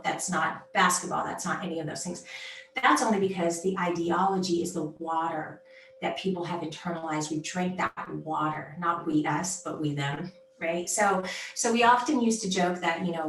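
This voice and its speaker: A middle-aged woman, a sports executive speaking as a guest in a conversational interview, talking in an animated, emphatic way and often tagging her points with "right?". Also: fairly low pitch, roomy sound, distant mic, a little hiss or hum, rough recording.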